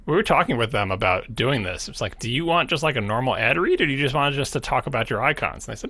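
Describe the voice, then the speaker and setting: Teasing man with a gravelly, bright voice. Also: medium pitch, animated, quick pace, hardly any pauses, no echo. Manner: wry, teasing, laughing. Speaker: podcast co-host. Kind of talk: casual podcast chat.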